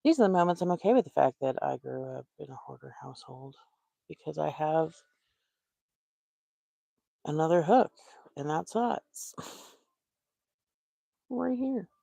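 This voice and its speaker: A woman's voice: sits low, lively intonation, unhurried, creaky, long pauses, warm tone, dry recording. A woman, hosting a casual crochet livestream, talking to herself and muttering in exasperation as she works. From Texas. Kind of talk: casual live-stream chat while crocheting.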